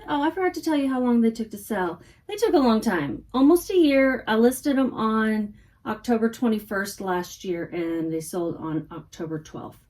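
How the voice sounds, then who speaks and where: A woman's voice: fairly high pitch, animated, moderate pace, darkish tone. A woman from Texas with a light Texas accent, chatting casually and thinking aloud as she packs up her online sales at home. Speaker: online reseller. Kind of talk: casual chat while packing orders.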